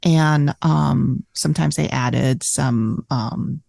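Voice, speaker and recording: Gravelly-voiced woman cookbook author. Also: a bass voice, takes it slowly, no room sound. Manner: animated storyteller, lots of "like" and "you know". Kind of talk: casual storytelling interview.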